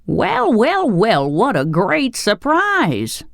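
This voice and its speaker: A reader voicing a warm, formal male tin man who is an emperor, speaking in an effusive, courtly way. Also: mid-range voice, very animated, moderate pace, no room sound, studio quality. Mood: gracious. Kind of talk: audiobook character voice.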